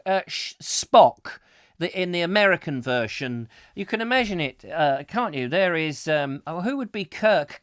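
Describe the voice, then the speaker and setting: English man, comic live show host, animated pitch, smooth voice, dry sound. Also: moderate pace, dry recording. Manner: playful, reads viewer comments aloud and riffs; slips into silly mock accents.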